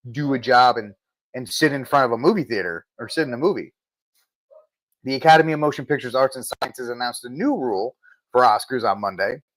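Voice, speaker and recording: A man's voice: mid-range voice, a bit bright, dry recording. A man hosting a podcast, reading news items aloud and cutting in with sarcastic asides, streaming from the road. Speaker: podcast host. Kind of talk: casual news commentary, reading headlines. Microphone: mobile setup with spotty reception.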